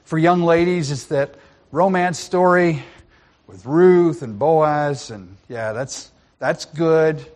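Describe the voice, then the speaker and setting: A man's voice: on the high side, takes it slowly, a little mellow. A man preaching a sermon, retelling a Bible story with playful asides and frequent restarts.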